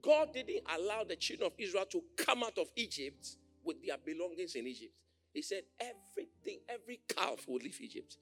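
Animated preacher man, lively pitch. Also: brisk, faint music behind. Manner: animated, shouting and laughing, mimicking others. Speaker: pastor. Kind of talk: sermon.

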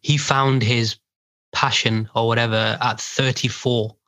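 A man's voice: medium pitch, flat delivery, measured pace, bright, forceful tone. A man in his thirties co-hosting a podcast, chatting casually and animatedly with lots of fillers. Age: 30s. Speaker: podcast co-host. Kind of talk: casual chat.

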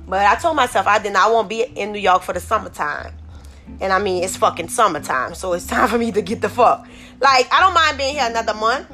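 A podcast host from New Orleans with a Southern accent rants irritably on her phone for a solo show, swearing a lot, rambling, and repeating "like I said." Her medium-pitched voice is bright and forceful, with lively intonation and a slightly fast pace over soft background music.

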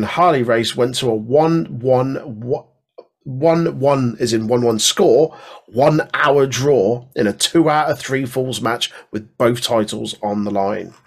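Male podcast co-host reading history trivia, casual, with fillers, average pitch. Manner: reads facts aloud with fillers and playful catchphrases. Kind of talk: reading wrestling history tidbits.

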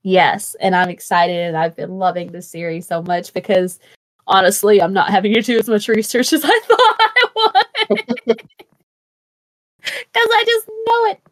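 A woman's voice: mid-range voice, animated, moderate pace, no room sound. A woman hosting a podcast in a chatty, casual way, with lots of fillers and restarts and frequent giggles. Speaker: podcast host.

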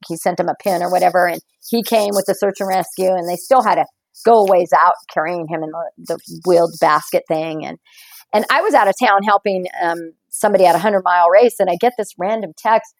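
Woman guest, lively storyteller, laughs a lot, dry close sound. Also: fairly low pitch, fairly quick, no echo, rough recording. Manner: animated storyteller, laughs often. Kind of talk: casual conversation.

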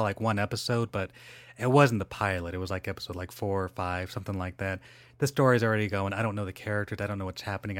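A man's voice: on the low side, a bit bright, no echo. A man hosting a solo podcast, chatting casually in a rambling, digressive way with lots of fillers and self-corrections. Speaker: podcast host.

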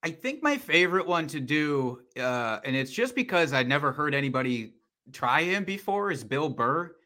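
A man with a high, slightly odd voice, chatting casually as a podcast guest and often laughing at himself. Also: very animated, moderate pace, pushed and bright. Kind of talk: casual chat.

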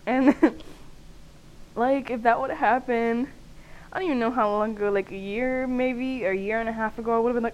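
A young adult woman hosts her own solo podcast, speaking candidly and loosely with lots of "like" and laughter. Her voice sits on the high side with a steady, darkish tone at moderate pace, and the highs are cut off.

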